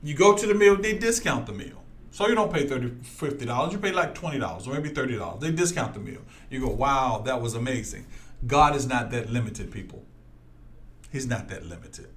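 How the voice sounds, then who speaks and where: Speaking at a medium pitch with wide swings, this man preaches quickly in a slightly bright tone. His sermon weaves in personal stories, and he addresses listeners directly, repeating points with strong emphasis.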